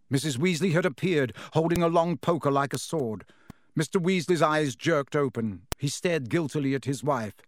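A man narrating a children's fantasy story aloud in a steady, expressive reading voice. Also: on the high side, moderate pace, no room sound, studio quality. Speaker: audiobook reader.

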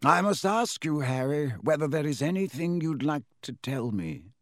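A man voicing an old, wise male headmaster in an audiobook, speaking slowly, gently and gravely. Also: high-pitched, expressive, no room sound, clean studio sound, pitched above the performer's own voice. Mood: gentle. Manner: slow, gentle, measured. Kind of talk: audiobook character voice.

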